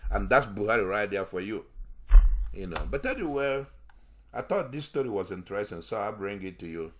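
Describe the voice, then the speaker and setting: A man's voice: on the low side, fairly bright tone. A man hosting a political commentary show, talking in a heated, scornful way and repeating himself for emphasis.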